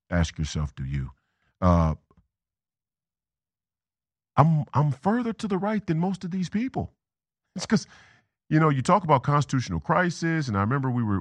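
A man's voice: fairly low pitch, no room sound. A man hosting a political talk show, delivering a rambling commentary monologue, repeating and restarting words and drifting into tangents. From Minnesota.

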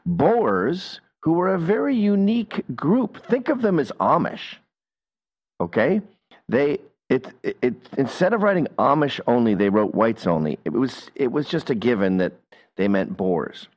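A man hosting a reaction commentary, talking in an animated, mocking, opinionated way. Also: mid-range voice, measured pace, muffled recording. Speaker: commentator host.

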